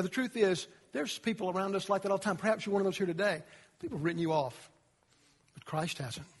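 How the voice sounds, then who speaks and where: A male pastor preaching a sermon, telling the story dramatically and dropping to quiet emphasis. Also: a little high, breathy edge, in a large hall.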